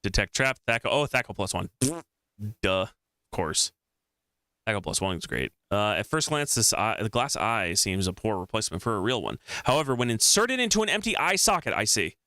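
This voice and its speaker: A man's voice: fairly low pitch, sing-song, fairly quick, bright, forceful tone, no echo, studio quality. A man streaming a game, casually thinking aloud and reading the text on screen.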